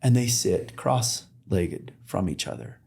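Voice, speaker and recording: A man with a somewhat low voice tells stories as a podcast guest, halting often and restarting his sentences. The recording has a roomy, echoing sound. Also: big pitch swings, gravelly, mellow. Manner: rambling storyteller with many fillers and restarts. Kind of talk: casual conversation. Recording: roomy echo.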